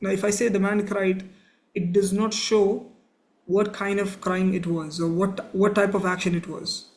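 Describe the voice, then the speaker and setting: A man's voice: sits high, little pitch movement, a little slow. A man gives a grammar lesson. He explains patiently, step by step, posing questions to the class and answering them himself. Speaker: Arabic grammar teacher.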